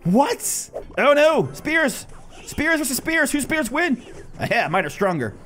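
Excitable high-voiced man narrating gameplay. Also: takes it slowly, a little hiss or hum. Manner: excitable, bursts into high disbelieving shouts. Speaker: gaming channel host. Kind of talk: live gameplay commentary.

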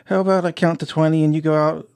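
A man voicing a kind, motherly female animal adventurer in a storybook, speaking gently. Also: on the high side, flat delivery, fast talker, vocal fry, smooth. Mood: coaxing.

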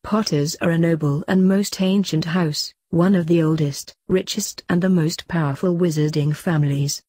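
A woman's voice: lowish voice, steady tone, moderate pace, dark tone, no echo, clean studio sound, close to an everyday voice. A woman reading the lines of a protective mother, firm and earnest.

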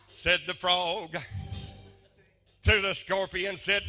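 Fiery revival preacher, a man with a bright, forceful voice. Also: high-pitched, steady tone, moderate pace, soft background music. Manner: fiery, swings from hushed to shouting. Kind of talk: revival sermon.

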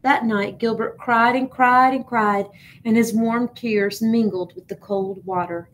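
A woman teacher reading a picture book aloud, expressive but now and then stumbling and repeating words. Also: on the high side, measured pace, a little hiss or hum, poor audio.

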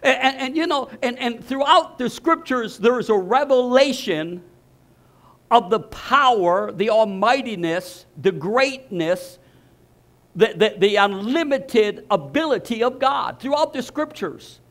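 An older man delivering a sermon in a notably high voice. He preaches with emphasis, often restarting and repeating phrases as he drives his points home. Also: animated, a little slow, fairly bright tone. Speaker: pastor.

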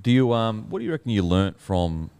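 Quick-talking host, low and clear voice, firing questions. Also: male voice, lively intonation, a little mellow. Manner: brisk, prompting. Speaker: podcast host. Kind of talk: interview questions.

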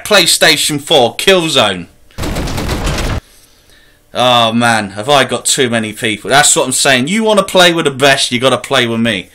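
Bright-voiced swaggering trash-talker. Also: male voice, medium pitch. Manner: boastful, swaggering, swears constantly, bursts into shouting. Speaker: gaming YouTuber. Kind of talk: trash-talking troll rant to camera.

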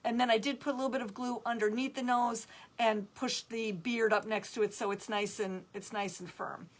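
Craft-stream host: a chatty, upbeat woman, voice pitched a bit high. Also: steady tone, moderate pace. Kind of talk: live craft demo, reading viewer comments.

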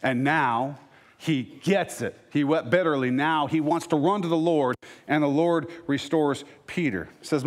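A man's voice: a little high, unhurried. A male pastor preaching a sermon, reading scripture aloud and voicing quoted lines with dramatic emphasis. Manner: rises to emphatic, louder lines.

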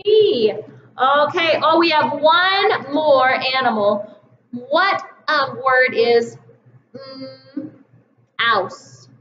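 A woman teaching kindergartners a reading lesson, speaking in a slow, encouraging teacher voice and stretching out the sounds of words. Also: sits high, a bit bright. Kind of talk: slow, clear reading lesson for young children. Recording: slightly dull, roomy home recording with faint noise.

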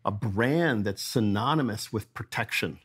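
A man who runs a company, talking as a podcast guest in a lively, storytelling way. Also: lowish voice, measured pace, breathy edge. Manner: energetic storyteller, acts out quoted dialogue. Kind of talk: casual interview storytelling.

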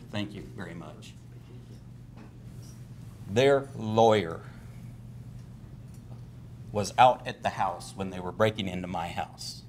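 An older man stands at the council podium and airs a grievance, his speech low in pitch and turning heated and emotional. A faint rumble sits behind him. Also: darkish tone. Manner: aggrieved, grows agitated and emotional. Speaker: public commenter. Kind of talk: public comment at a council meeting.

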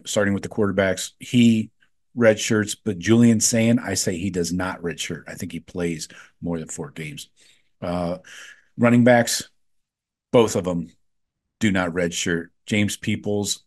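A man hosting a sports podcast, chatting casually with lots of fillers and frank opinions. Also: sits low. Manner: offhand, filler-heavy, gives frank opinions.

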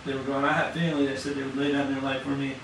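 A man's voice: mid-range voice, level tone, a bit bright, a little hiss or hum. Fervent man preaching in an echoey church. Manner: fast, casual, slangy, fervent. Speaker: church class leader. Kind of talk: impassioned testimony sermon. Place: church hall. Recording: very echoey hall, distant mic.

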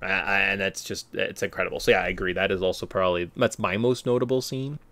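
Podcast co-host, male, fairly low voice, animated and emphatic, dry close mic. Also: vocal fry, no room sound. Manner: animated, emphatic, quick bursts of enthusiasm. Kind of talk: casual movie discussion.

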